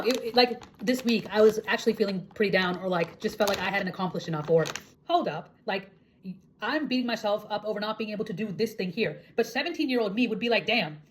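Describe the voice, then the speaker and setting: A young woman from India talks straight to her viewers in a casual, chatty vlog voice. Her pitch sits in a middle range. She fills her storytelling with "like" and "um", and faint background noise runs under the recording. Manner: chatty, animated retelling with frequent fillers. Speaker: vlogger.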